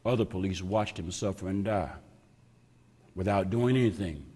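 A man preaching a sermon as pastor, slow and emphatic, repeating phrases with heavy pauses and sometimes dropping to a whisper. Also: deep voice, dark tone, slightly rough. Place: church sanctuary. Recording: long reverb of a church hall.

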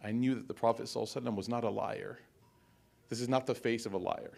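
A man's voice: mid-range voice, steady tone, very fast, vocal fry, a little mellow. A male teacher giving a heartfelt speech at a graduation ceremony, telling stories and reciting Arabic quotations. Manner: storytelling, emotional, quoting Arabic.

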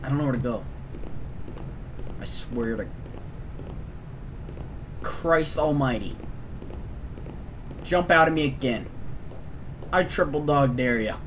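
A man's voice: medium pitch, slow, pauses often, background noise. A man playing a horror game with a friend, jumpy and panicky, often breaking into frantic screaming. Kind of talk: let's play commentary. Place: at a home computer.

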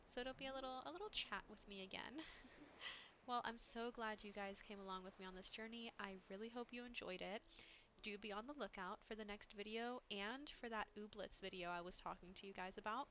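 A woman's voice: medium pitch, brisk, a bit bright, slight background noise. A young woman hosting a gaming channel, chatting casually to viewers with frequent giggles as she plays. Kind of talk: casual gameplay commentary. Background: background game music.

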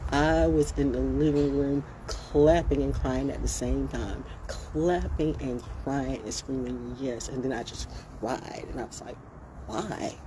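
A woman with a very deep voice speaks at a measured pace, giving a blunt, passionate motivational monologue straight to her listeners. Her tone is casual and emphatic, and the noisy outdoor recording picks up birds and passing vehicles.

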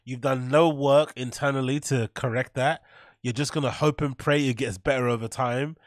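A man's voice: mid-range voice, steady tone, moderate pace, no echo, studio quality. A man reacting to a clip, bluntly mocking what he hears and swearing often. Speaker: reaction streamer. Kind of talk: reacting to a clip, casual commentary.

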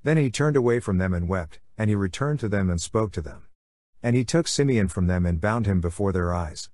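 Guy reading the bible out loud, low steady voice, dry close mic. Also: no echo. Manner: measured, steady scripture reading. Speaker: Catholic podcast host reading scripture.

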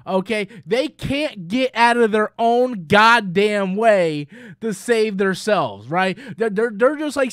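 A man on his own channel in a heated, swear-filled rant, pressing each point with a quick "right?". His voice is very high for a man, and the sound is close and completely dry. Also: no room sound. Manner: heated, profane, keeps tagging "right?". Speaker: channel host. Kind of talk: profane opinion rant.

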